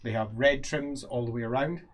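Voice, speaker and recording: A man's voice: mid-range voice, moderate pace. A man narrating as game master for a tabletop role-playing game, describing scenes with fillers.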